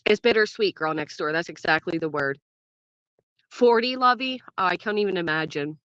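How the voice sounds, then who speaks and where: A woman's voice: fairly low pitch, lively intonation, moderate pace, a bit bright, no echo. A woman in her thirties hosting a casual livestream, chatting and greeting viewers by name as she reads the chat. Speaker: livestream host. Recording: dull dry sound.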